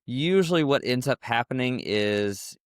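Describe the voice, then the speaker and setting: A man's voice: medium pitch, lively intonation, a little slow, clear, resonant tone, dry recording, studio quality. A man who coaches gymnastics, chatting casually on a podcast and explaining things step by step in a conversational way.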